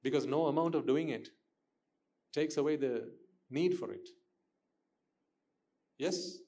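A man's voice: a little high, slow, warm tone. A man giving a Buddhist dharma talk to listeners, questioning them and repeating his points for emphasis. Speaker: Buddhist teacher.

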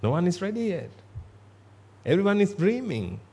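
A man's voice: sits high, sing-song, moderate pace, warm tone, slightly rough. A man giving a Buddhist sermon in a blunt, emphatic way, repeating himself for stress. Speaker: Buddhist monk.

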